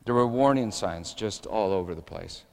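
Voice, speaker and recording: A middle-aged male pastor telling a story in a sermon, building up to shouts. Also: deep voice, moderate pace, creaky, big-room sound.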